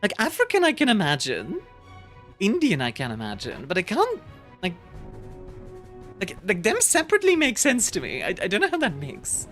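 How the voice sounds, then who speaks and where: A woman's voice: mid-range voice, huge pitch swings, normal speed, pauses often. A woman streamer chatting casually with her viewers, giggly and rambling, with lots of restarts. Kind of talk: casual chat reading viewer messages. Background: quiet background music.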